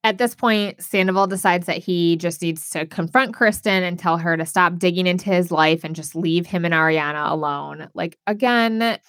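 Woman, podcast co-host, casual recap chat, slightly low voice, swears freely, dry recording. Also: moderate pace, few pauses, a bit bright, dry recording. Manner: chatty, swears, many "like" fillers.

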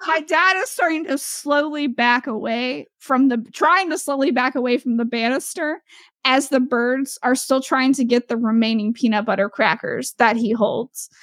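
A young woman spinning an animated story on a podcast, laughing as she goes and leaning on fillers. Her voice sits a touch high, recorded close and dry with no room sound. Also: moderate pace, no echo. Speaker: podcast host. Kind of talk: casual storytelling chat.

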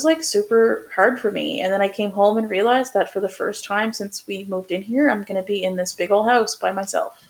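Gravelly-voiced young mom, rambling. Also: female voice, medium pitch, a little mellow, low-quality recording. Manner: rambling, many "like" fillers. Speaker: podcast co-host. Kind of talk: casual chat.

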